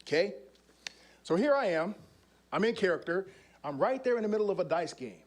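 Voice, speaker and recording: A former undercover officer speaking on a conference stage, telling stories and acting out the scenes. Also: male voice, sits high, lively intonation, quick pace. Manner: demonstrative, acts out scenes. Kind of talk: animated storytelling talk.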